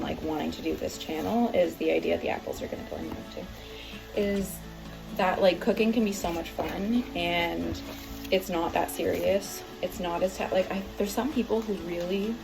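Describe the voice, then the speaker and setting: A woman's voice: medium pitch, creaky. A woman hosting a casual home cooking vlog, chatting and rambling through the steps with lots of fillers and asides. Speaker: cooking channel host. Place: home kitchen. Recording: music in the background.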